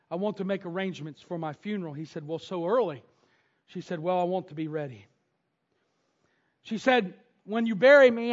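High-pitched male pastor, dull lo-fi church recording, storytelling sermon that goes from hushed to shouting. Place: church sanctuary.

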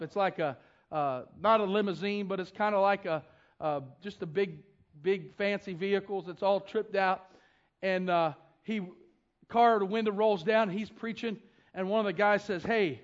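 A man preaching a sermon, retelling a testimony with quoted dialogue and asking the congregation rhetorical questions. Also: high-pitched. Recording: dull lo-fi recording.

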